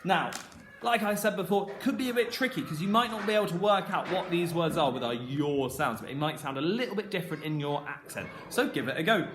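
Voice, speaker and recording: A young male primary school teacher with a British accent, giving a phonics lesson to camera and slowly sounding out words in an encouraging way. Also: a little high, animated, a bit bright, slight background noise. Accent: British English. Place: classroom. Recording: echoey classroom.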